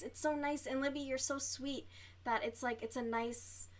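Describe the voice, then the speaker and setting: Chatty young woman, higher pitch. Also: fairly even intonation, measured pace. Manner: rambling, chatty, swears freely, many fillers. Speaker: livestream host. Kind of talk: casual chat while crocheting on a livestream.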